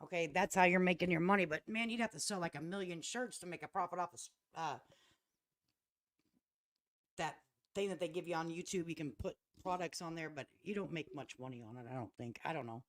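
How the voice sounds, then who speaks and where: A woman giving casual live-stream commentary on a clip, sassy and mocking, dropping from muttered asides to loud scolding. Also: fairly low pitch, a little fast, no echo.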